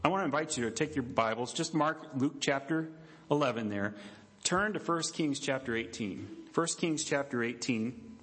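A man, the pastor, preaching a sermon in a church, animated and conversational, dropping low and quiet for emphasis and acting out quoted voices. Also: normal speed. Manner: animated preaching, acts out quoted voices with big pitch jumps. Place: church sanctuary.

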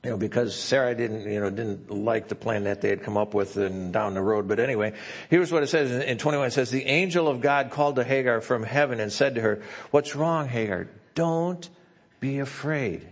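A pastor preaching a sermon, slowing down and softening as he reads scripture quotes. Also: medium pitch. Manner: reads scripture quotes slowly and softly, asks if he talks too fast.

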